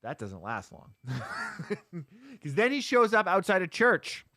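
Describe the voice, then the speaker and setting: A man co-hosting a podcast, casually recapping a movie plot in a rambling, animated way with lots of "like" and restarts. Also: sits high, measured pace, no echo, studio quality. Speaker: podcast co-host.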